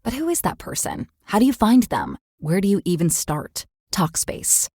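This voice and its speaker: A woman reading a scripted sponsor ad in a gentle, reassuring manner. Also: medium pitch, huge pitch swings, normal speed, dry recording, clean studio sound. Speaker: ad reader.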